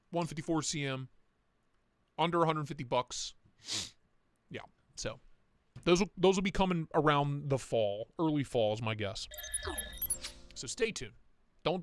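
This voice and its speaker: A man's voice: on the high side, lively intonation, a little slow, pauses often, no echo. A young man hosting a casual livestream, chatting loosely with his viewers, swearing freely and reading their comments aloud. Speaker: livestream host.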